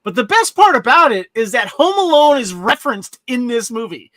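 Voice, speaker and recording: Bright, dry-voiced man chatting enthusiastically. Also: very high-pitched, very animated, measured pace, dry recording. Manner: rambling and enthusiastic, full of restarts. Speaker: podcast co-host. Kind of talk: casual chat reviewing movies and shows.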